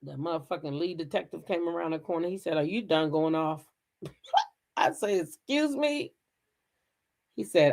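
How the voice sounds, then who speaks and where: A middle-aged woman casually telling viewers a personal story, swearing freely and swinging from hushed asides to loud outbursts. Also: sits low, vocal fry. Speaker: storyteller recounting a police raid.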